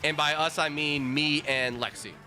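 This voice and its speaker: A man streaming with viewers, telling a casual, animated story with plenty of swearing and restarts. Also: on the high side, normal speed, soft background music. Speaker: streamer host. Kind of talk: casual storytelling while gaming.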